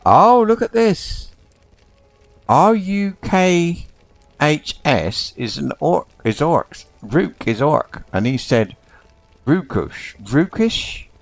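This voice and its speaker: Male gamer, slow, thinking-aloud play commentary, pitch swings widely, dry close mic. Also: very animated, creaky, dry recording, faint music behind. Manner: muttering to himself, thinking aloud and spelling out words. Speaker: gamer playing an online role-playing game. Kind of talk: casual let's-play commentary.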